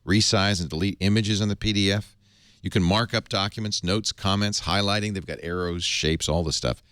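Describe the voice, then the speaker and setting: A man's voice: low-pitched, fairly even intonation, normal speed, a bit bright, smooth, no room sound, clean studio sound. A man hosting a tech podcast, chatting casually and reading an ad, jokey and laughing often. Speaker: podcast host. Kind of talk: casual tech podcast chat and host-read ad.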